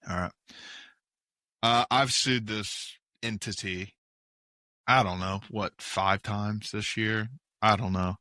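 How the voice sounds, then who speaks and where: A man's voice: fairly low pitch, steady tone, takes it slowly, bright, forceful tone, dry recording. A man hosting a sports podcast, teasing his co-hosts and steering the topics. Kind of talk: casual sports chat.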